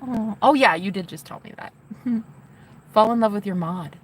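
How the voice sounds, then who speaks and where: A woman live streamer chatting casually with her viewers, gushing and excitable, with casual swearing. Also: medium pitch, moderate pace, slight background noise.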